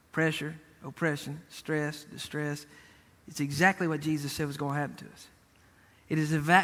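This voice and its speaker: A man's voice: on the high side, fairly bright tone, in a large hall. A male pastor preaching a sermon, speaking emphatically, repeating key words and addressing the congregation directly.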